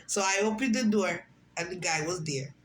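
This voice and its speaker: A woman's voice: on the low side, moderate pace, a little hiss or hum, rough recording. A woman in her forties telling a personal story in a casual monologue, acting out what other people said. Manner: animated, acts out quoted voices. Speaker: vlogger.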